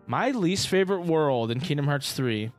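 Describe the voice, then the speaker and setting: Excitable laughing man, podcast co-host. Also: on the high side, normal speed, faint music behind. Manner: excitable, laughing, swearing, riffing. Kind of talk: casual chat.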